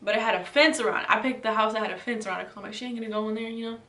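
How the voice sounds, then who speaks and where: A woman's voice: on the high side, steady tone, racing, a bit bright, far from the mic. Young woman, casual storytime, filler-heavy chatter, roomy echo, voice set back from the mic. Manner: chatty, filler-heavy retelling with lots of "like" and "you know". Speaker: vlogger.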